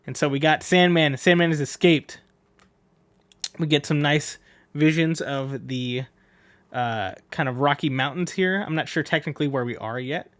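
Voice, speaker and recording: A man's voice: a little high, normal speed, a bit bright, no room sound. A man reading a manga aloud and chatting about the pages, correcting himself and laughing at his slips. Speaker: manga reader. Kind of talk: casual manga read-along with commentary.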